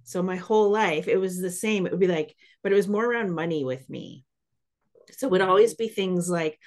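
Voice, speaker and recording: A woman in her forties hosting a podcast, speaking in a relaxed, confiding way. She muses aloud and shares stories of her own. Her voice sits somewhat low for a woman. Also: brisk. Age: 40s. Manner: reflective, confiding, chatty. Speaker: podcast host. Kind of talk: casual chat.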